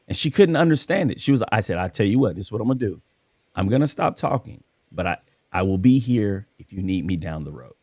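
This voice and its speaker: Low gravelly man telling stories. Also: very animated, fast, a little mellow, no room sound, studio quality. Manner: tells stories, acting out quoted dialogue. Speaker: podcast host and school coach. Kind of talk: casual storytelling conversation.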